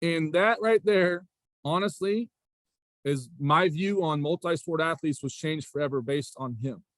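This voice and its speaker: A man in his forties, a high school basketball coach and athletic director, telling stories in a casual interview with a rambling manner, often circling back with "again" and "right?". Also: a little slow, a bit bright, no echo. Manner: rambling, repeats "again" and "right?", frequent restarts.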